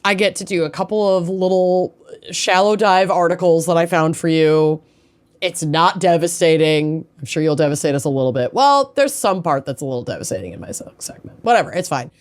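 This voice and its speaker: A Minnesotan woman co-hosts a casual chat podcast, her voice sitting fairly low yet swinging widely in pitch. She gushes with enthusiasm as she talks. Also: expressive, a little fast. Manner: enthusiastic, gushing. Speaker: podcast co-host.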